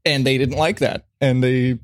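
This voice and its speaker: A man talking casually as a podcast guest, explaining his points at length with relaxed fillers. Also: mid-range voice, moderate pace, dry recording, studio quality.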